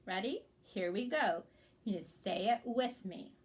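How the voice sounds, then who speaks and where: A woman's voice: medium pitch, animated, a little slow. A woman teaching young children to blend word sounds in a reading lesson, speaking patiently and encouragingly and checking in often.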